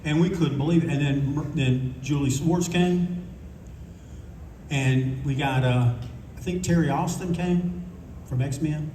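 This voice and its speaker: Older male panelist, rambling raconteur, warm low-key tone, faint room hum behind. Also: slow, pauses often, far from the mic. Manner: rambling, candid, swears freely. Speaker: convention panelist. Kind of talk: casual anecdotal storytelling. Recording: echoey room recording from afar.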